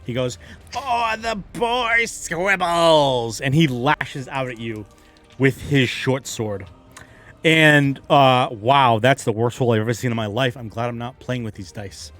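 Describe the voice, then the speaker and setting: A man narrating a tabletop game as game master, animated and quick to laugh. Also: medium pitch, faint music behind.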